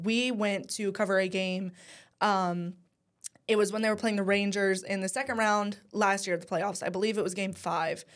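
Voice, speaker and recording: A young woman co-hosting a talk show, chatting with enthusiasm and plenty of ums. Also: medium pitch. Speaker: co-host at a news station. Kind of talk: casual chat.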